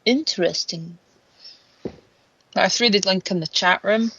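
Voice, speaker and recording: A woman's voice: mid-range voice, unhurried, a bit bright, husky, lo-fi sound. A woman co-hosting an internet radio show, chatting in a matter-of-fact way with hesitant fillers. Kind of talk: casual talk radio chat.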